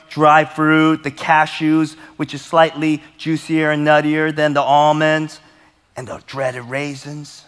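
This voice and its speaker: Male pastor, lively preaching, higher voice, long hall reverb. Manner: animated, conversational preaching with humor and rhetorical questions. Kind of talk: sermon.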